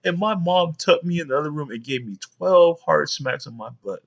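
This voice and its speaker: A man's voice: on the high side, expressive, normal speed, gravelly, muffled recording. A man in his thirties, a father rambling through a childhood story for his young sons, with many fillers. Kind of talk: storytelling home video.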